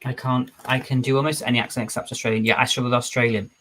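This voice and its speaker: A man's voice: medium pitch, level tone, rapid-fire, a bit bright. A man hosting a casual live stream, chatting away as he reads viewer comments aloud and answers them. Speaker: streamer host.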